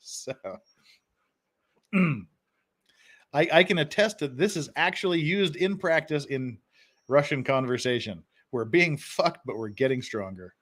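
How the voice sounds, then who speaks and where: Male stream host, slightly high voice, loose and chatty, quick to laugh. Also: lively intonation, a bit bright. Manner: chuckles often, reads phrases aloud. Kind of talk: casual live-stream commentary.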